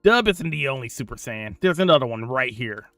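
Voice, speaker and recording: A man's voice: mid-range voice, expressive, brisk, a bit bright, dry recording, faint music behind. Playful young male game streamer. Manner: laughs often, slangy and playful. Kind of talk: casual gaming stream chat.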